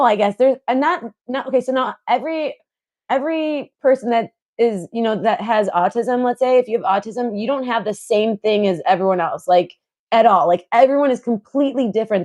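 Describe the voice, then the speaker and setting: With a fairly high, somewhat mellow voice, this young adult woman rambles through a casual podcast chat as a co-host. She leans heavily on fillers, restarts her sentences, and laughs often.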